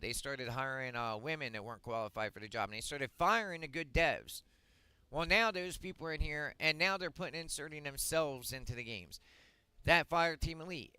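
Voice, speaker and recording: A man streaming a game, delivering a blunt, profane rant that swings up to shouting. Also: a little high, clear, resonant tone, no echo, low-quality recording. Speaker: gaming streamer. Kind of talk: ranting monologue on a livestream.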